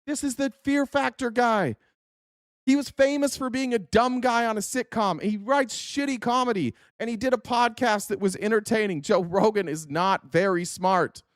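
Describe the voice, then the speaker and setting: A man with a notably high speaking voice launches into a furious, profane political rant, hurling insults at the clips he reacts to. The sound is dry and close, with hardly any room around it. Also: normal speed, no echo. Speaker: podcast host.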